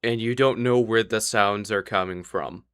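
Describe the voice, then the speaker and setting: A man's voice: on the low side, moderate pace, fairly bright tone, clear, resonant tone, no echo, clean studio sound. A young man running a live tabletop game as dungeon master, chatting casually and explaining the rules plainly.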